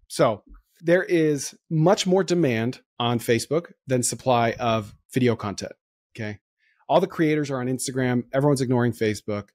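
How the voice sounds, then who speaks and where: A man hosting a podcast in casual chat, excitable and quick to laugh as he riffs on ideas. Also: mid-range voice, no room sound. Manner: excitable, laughs easily, rapid riffing. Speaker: podcast host.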